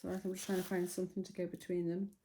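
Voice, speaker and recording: A woman's voice: lowish voice, monotone, rapid-fire, background noise. A middle-aged woman chatting casually through a crafting vlog, gushing and sentimental as she unboxes and works. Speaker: dolls house hobby vlogger.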